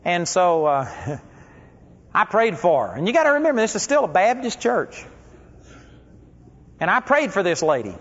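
A man's voice: high voice, sing-song, moderate pace, long pauses, fairly bright tone. A man preaching a sermon, telling stories in a conversational, folksy way. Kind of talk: storytelling sermon. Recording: dull lo-fi recording with long hall reverb.

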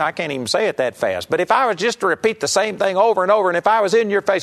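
A man's voice: high voice, lively intonation, quick pace, gravelly, fairly bright tone. A man with a Texan accent giving an earnest, folksy sermon as a Bible teacher. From Texas. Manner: folksy and earnest, acts out mock prayers. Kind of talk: conversational sermon.

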